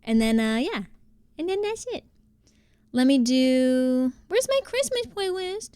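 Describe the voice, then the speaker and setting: A young woman talks loosely to her stream, circling back on herself with fillers and restarts. Her voice sits a little on the high side. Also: sing-song, unhurried, mellow, clear, resonant tone, no echo, clean studio sound. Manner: rambling, chatty, many fillers and restarts. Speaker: livestreamer. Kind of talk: casual live-stream chat.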